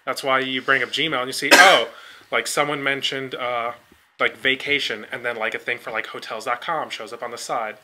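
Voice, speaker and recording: A man's voice: fairly even intonation, normal speed, noisy background. A man in his mid-twenties co-hosting a podcast in casual chat, rambling and filling his talk with "like". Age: 20s. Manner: rambling, heavy use of "like", mumbles low. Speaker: podcast co-host.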